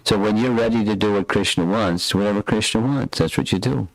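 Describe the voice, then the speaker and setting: Older man with a very deep, dry voice. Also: vocal fry, poor audio. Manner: reflective, unhurried storytelling. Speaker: spiritual teacher. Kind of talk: scripture class.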